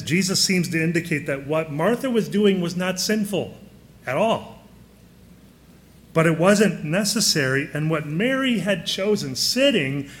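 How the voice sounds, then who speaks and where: A man preaching a sermon in a conversational way, often putting questions to his listeners. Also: fairly high pitch.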